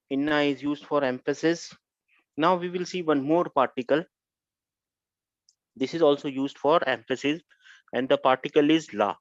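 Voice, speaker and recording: A man's voice: fairly high pitch, dry recording. Guy teaching grammar, says stuff twice and keeps going "huh?", dry dull lo-fi audio. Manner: repetitive, keeps checking with "Huh?". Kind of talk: online grammar lesson. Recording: dull lo-fi recording.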